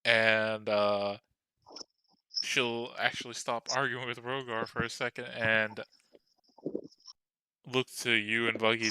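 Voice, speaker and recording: A man narrating as game master of a tabletop game, halting, with many fillers as he thinks aloud. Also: medium pitch, flat delivery, pushed and bright, clean tone, no room sound.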